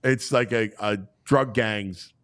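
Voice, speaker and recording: A man hosting a casual sports talk show, loud and jokey in his banter with guests. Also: on the low side, fairly even intonation, slow pace. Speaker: show host.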